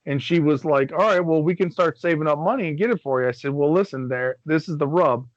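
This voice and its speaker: A middle-aged Michigan man co-hosting a podcast tells a long, rambling story in casual chat, swearing freely and acting out what people said. His voice is on the high side and a little fast. The recording has no room sound and its highs are cut off.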